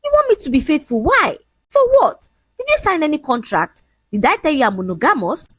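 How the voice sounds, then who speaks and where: A woman's voice: high-pitched, sing-song, fairly bright tone, breathy edge, no room sound, voice pushed up, exaggerated voice. A woman playing a shameless cheating man. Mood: mocking. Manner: mocking, lecturing, raised and quick. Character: arrogant cheating young man, dismissive and shameless.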